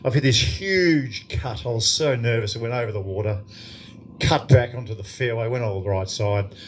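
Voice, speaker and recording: A man's voice: medium pitch, normal speed, a little hiss or hum. An Australian man in his fifties telling a profane story as an after-dinner guest speaker in a club function room. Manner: profane, lively anecdote telling to a crowd.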